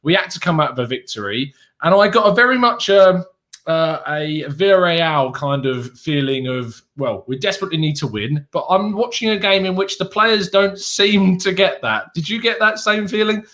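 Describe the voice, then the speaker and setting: A man's voice: high voice, lively intonation, moderate pace, fairly bright tone. A man with an English accent hosting a casual football podcast, upbeat and chatty, laughing often. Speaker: podcast host.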